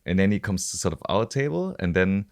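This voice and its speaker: Deep-voiced German man telling stories. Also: sing-song, brisk. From Stuttgart, Germany. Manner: rambling, many restarts and "like". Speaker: podcast host. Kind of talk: casual storytelling chat.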